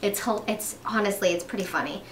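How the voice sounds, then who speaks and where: A woman's voice: mid-range voice, fairly quick, fairly bright tone, roomy sound, recorded from a distance, slight background noise. A young pregnant woman chatting casually while doing her makeup, upbeat, with lots of fillers and restarts. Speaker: beauty vlogger.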